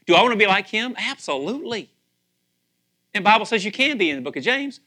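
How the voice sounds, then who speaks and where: Middle-aged male pastor, bright forceful tone, high pitch, lively sermon delivery with acted-out voices. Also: quick pace. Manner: animated, acts out voices, asks audience questions.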